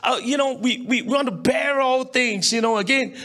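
An animated, colloquial sermon comes from a male pastor with a Singaporean English accent who keeps calling on the congregation for a response. His pitch is extremely high, his pace moderate.

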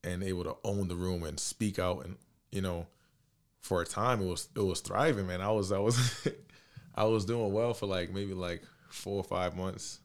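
A podcast guest in his twenties tells a story during a casual chat, his voice sitting low and moving at normal speed. He's slangy and animated, acting out the dialogue as he goes.

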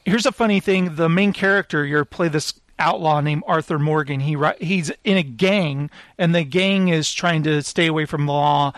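A man in casual chat, telling a lively story and acting out the lines of the people in it. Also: fairly high pitch, moderate pace, few pauses, no echo.

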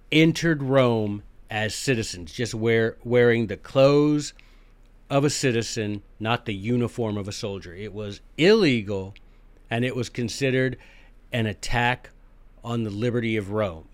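A man gives a casual history lesson, folksy and joking in tone. His voice sits at a middle pitch and the recording is dry and close. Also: a little slow, no echo. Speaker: history podcast host.

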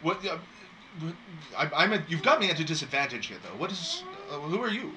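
A man voicing a friendly, effusive tiefling ferry owner who flatters everyone he meets. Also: a little high, a little fast, crowd noise. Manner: flattering, talkative, self-deprecating.

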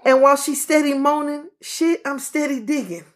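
A woman co-hosting a casual chat and lyric guessing game, cursing, teasing and breaking into loud laughter. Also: high-pitched, normal speed. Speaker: podcast co-host. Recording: loud background noise.

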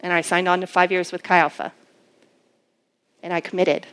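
A woman's voice: lowish voice, little pitch movement, moderate pace, fairly bright tone, smooth. A young woman giving a personal testimony sermon as a campus minister, telling her story earnestly with many fillers.

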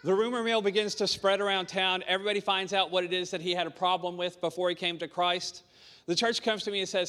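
A man's voice: high voice, fairly even intonation, quick pace, a bit bright, long reverb tail. A man preaching to a small congregation, telling his own story in an earnest way and repeating his key points. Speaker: pastor. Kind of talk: sermon testimony.

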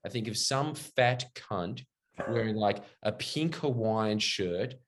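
A man and comedian co-hosting a podcast, joking in a crude, animated way. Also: fairly low pitch, slow, slight background noise. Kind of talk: casual chat.

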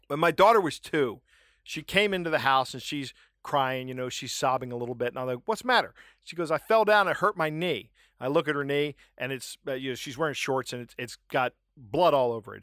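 A middle-aged man hosting a comedy podcast, ranting wryly and telling animated anecdotes. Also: mid-range voice, dry recording, clean studio sound. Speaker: podcast host. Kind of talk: casual comedic podcast chat and storytelling.

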